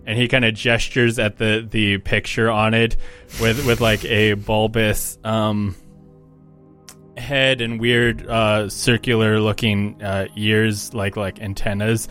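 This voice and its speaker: Slow, halting man narrating a game. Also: lowish voice, little pitch movement, fairly bright tone, faint music behind. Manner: halting, many fillers, casual. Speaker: tabletop game player.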